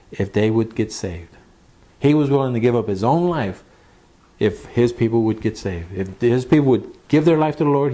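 A man preaching a sermon in a mellow, warm-toned voice at a middling pitch. He stops often to ask his listeners rhetorical questions. Between his own points he reads passages of scripture aloud. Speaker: pastor.

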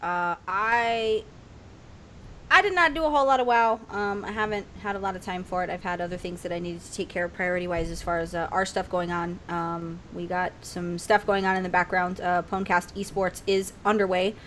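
A woman's voice: fairly low pitch, fairly even intonation, brisk, a bit bright, slight background noise. A woman hosting a casual gaming podcast, teasing her co-hosts and laughing often. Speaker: podcast host. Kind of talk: casual chat.

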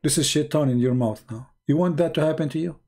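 Male debater, husky tone, mocking sarcastic monologue, theatrical swings. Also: fairly high pitch, quick pace, mellow. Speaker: online religious debater.

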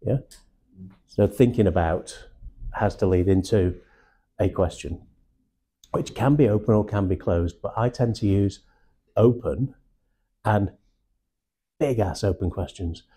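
A man leading a live sales training session in a room, teaching with slow, emphatic stresses on key words. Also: lowish voice, dark tone, breathy edge.

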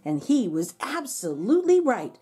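A woman voicing a gentle, patient mother donkey in a storybook read-aloud, speaking softly and soothingly. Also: on the high side, sing-song, moderate pace, husky, pitched above the performer's own voice, full character voice. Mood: tender. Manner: soft and soothing.

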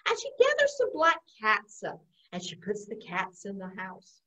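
A woman's voice: medium pitch, huge pitch swings, normal speed, bright, forceful tone. A woman librarian telling a children's story in a playful, sing-song way, with sound effects. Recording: distant, dull lo-fi sound.

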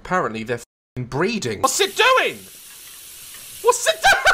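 A man's voice: high-pitched, wildly swooping pitch, unhurried, background noise. A man giving comedic gameplay commentary, frantic and swearing constantly, yelping and cackling as things go wrong. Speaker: gaming YouTuber.

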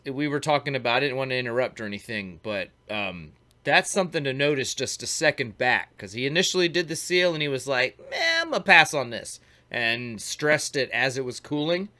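Talking over a glassblowing demonstration, the male host keeps things relaxed and slangy. He has a mid-range voice with a bright, forceful tone.

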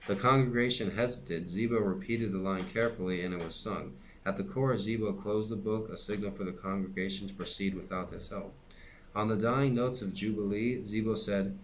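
A man reading a novel aloud at a steady pace, with occasional slips and restarts. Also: on the low side, a little fast. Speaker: reader and teacher.

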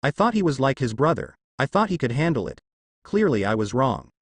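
A proud, harsh alien father, as a male narrator puts him on, firm and stern in manner. The pitch moves freely and the sound is close and dry. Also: sing-song, brisk, husky, dry recording.

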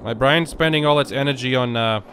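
A sick young man rambling and joking through casual gameplay commentary, sometimes yelling at the game. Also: medium pitch, a little fast, noisy background. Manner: rambling and joking, with sudden loud outbursts at the game. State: sick with a virus. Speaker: gaming YouTuber.

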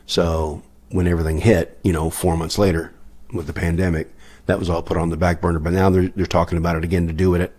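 A man with a very low voice, a guest musician on a podcast. He tells his stories with gusto, acting out the quoted lines and laughing often. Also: little pitch movement, fast, darkish tone. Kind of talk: anecdotal storytelling in a podcast interview.

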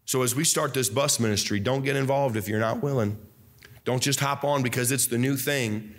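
Fervent young man preaching a sermon. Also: moderate pace. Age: young adult. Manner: fervent, swings between loud mock voices and low asides. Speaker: pastor.

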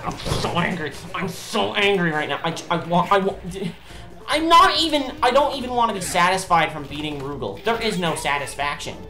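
A woman's voice: fairly low pitch, big pitch swings, moderate pace. A woman giving gameplay commentary in an exasperated, ranting way, swearing often. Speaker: let's play host. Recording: roomy echo with game music behind. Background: game music.

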